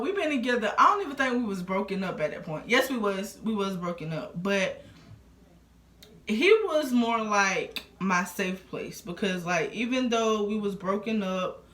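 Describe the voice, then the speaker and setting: A young adult woman with a bright, forceful mid-range voice vlogs a casual storytime, rambling conversationally with plenty of fillers. The room gives the recording an echo.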